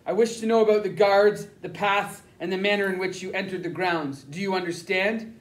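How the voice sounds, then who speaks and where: A man voicing a stern, menacing German-speaking interrogator in an audiobook, with clipped, crisp speech. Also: sits high, fairly even intonation, moderate pace, echoey room, natural voice, rough recording. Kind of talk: audiobook character reading.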